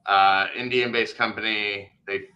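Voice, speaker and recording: A man's voice: lowish voice, steady tone, measured pace, bright, forceful tone, lo-fi sound. A male podcast co-host in casual chat, rambling and thinking aloud with lots of fillers and restarts.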